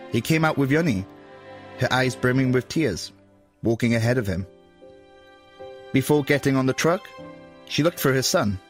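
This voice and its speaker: Measured male voice-over reader. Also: medium pitch. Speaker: voice-over translator. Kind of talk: scripted voice-over.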